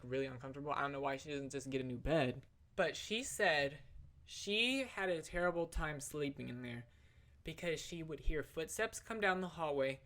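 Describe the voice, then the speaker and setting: Low, bright-voiced young woman vlogger. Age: young adult. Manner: chatty and slangy, full of "like" and "literally". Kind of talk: casual storytelling vlog.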